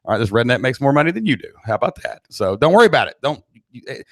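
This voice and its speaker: A man's voice: mid-range voice, quick pace, dry recording, clean studio sound. Blunt, pushy Southern man coaching live. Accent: Southern American. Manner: blunt, pushy, energetic pep talk. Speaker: online business coach. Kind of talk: live-streamed training session. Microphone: cheap desk mic at laptop.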